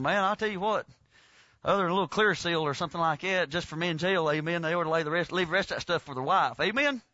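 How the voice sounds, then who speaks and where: A man with a Southern US accent preaching a folksy revival sermon, talking plainly and rising into fervent shouting. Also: a little high, no room sound, dull audio. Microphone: lapel mic.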